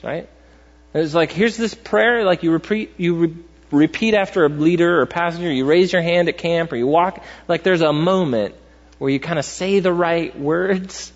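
A young adult man preaching a sermon in a conversational way, peppering his points with "right?" and telling stories with animation. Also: a little high. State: tired. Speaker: pastor. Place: large church hall. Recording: muffled, long hall reverb.

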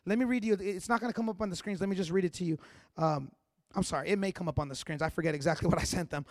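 Guy preaching hard, high voice, stammers and repeats himself, dry close sound. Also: racing, no echo. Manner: passionate preaching with loud emphatic peaks and stammered repeats. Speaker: pastor. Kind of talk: sermon.

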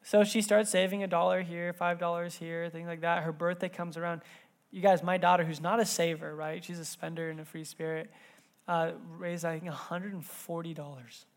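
A man in his thirties, a pastor giving a sermon in church, telling a family story in a conversational way that swings between soft asides and loud bursts. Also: on the high side, little pitch movement, normal speed.

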